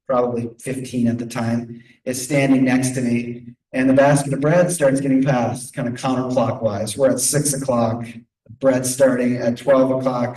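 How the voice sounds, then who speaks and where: A man's voice: mid-range voice, a little mellow. A middle-aged man giving a lecture in a conversational, humorous storytelling manner. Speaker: guest lecturer. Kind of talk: lecture with personal stories. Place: lecture room, streamed on video call. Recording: echoey room from a distance.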